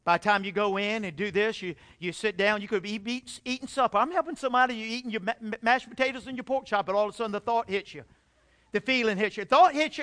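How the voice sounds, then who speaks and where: Middle-aged male pastor, high bright voice, emphatic sermon testimony. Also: fast talker. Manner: emphatic, testimony-style preaching with swings in loudness.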